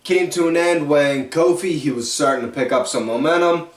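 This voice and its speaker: A man hosting a wrestling recap podcast, telling matches as animated play-by-play and correcting himself as he goes. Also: fairly high pitch, normal speed. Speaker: podcast host. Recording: echoey room, distant mic.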